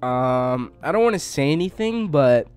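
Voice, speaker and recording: A man's voice: a little high, normal speed, clean tone, soft background music. A young man giving casual let's play commentary, chatting along and yelping in panic whenever his character is attacked. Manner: excitable, yelps and shrieks when attacked. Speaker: gaming YouTuber.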